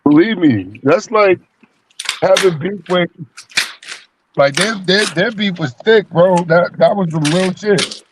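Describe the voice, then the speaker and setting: A man with a somewhat high voice talking earnestly in a casual podcast chat. He speaks in street slang and keeps checking in with his listeners, with a faint hiss behind him. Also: animated, takes it slowly, pauses often. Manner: earnest street talk, frequent "you know what I'm saying".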